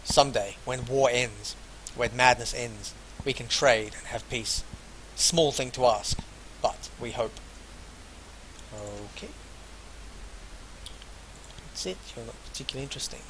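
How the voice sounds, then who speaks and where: A man's voice: mid-range voice, measured pace, long pauses, background noise. A man playing a role-playing game, reading the on-screen text aloud and adding casual offhand remarks. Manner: reads game text in full, then drops casual offhand asides. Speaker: let's player.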